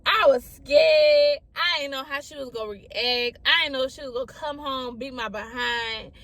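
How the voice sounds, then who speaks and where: Young woman, storytime vlogger, higher-pitched voice, loose chatty delivery that keeps circling back and calls out to her viewers. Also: a little fast, sharp tone, no echo. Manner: chatty, repeats phrases, often addresses listeners as y'all. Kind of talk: casual storytime chat.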